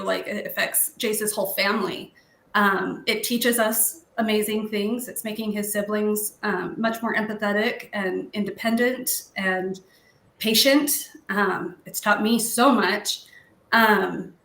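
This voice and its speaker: A woman with a bright, sharp voice speaks on a panel as the mother of an autistic child. She is heartfelt and emotional and pauses often. The room around her echoes. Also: medium pitch. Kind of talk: casual panel discussion.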